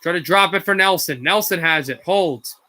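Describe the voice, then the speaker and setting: A man doing amateur live play-by-play commentary, calling the action quickly with slips and self-corrections and rising to shouts on big plays. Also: sits high. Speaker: play-by-play streamer.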